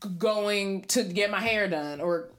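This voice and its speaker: With a mid-range, fairly bright voice, this podcast co-host takes her time as she talks about how she feels at home. The conversation is a casual, reflective check-in, and she comes across as open and prone to rambling.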